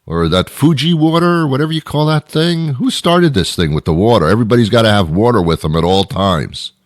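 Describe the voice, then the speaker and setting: A man's voice: medium pitch, lively intonation, brisk, dry recording, clean studio sound. A middle-aged man hosting a radio show, delivering an exasperated, rambling comedic monologue full of repeated questions.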